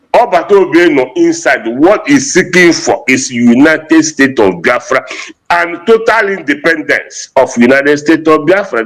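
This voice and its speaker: A man's voice: fairly high pitch, rough recording. A man with a Nigerian Igbo accent giving an impassioned political address, mixing English and Igbo and repeating phrases for emphasis.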